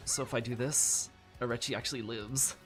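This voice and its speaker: A man's voice: medium pitch, steady tone, a little fast, a bit bright, faint music behind. A man giving casual let's-play commentary on a card game, swearing often and laughing at his own mistakes in frustration. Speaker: gamer playing a card game.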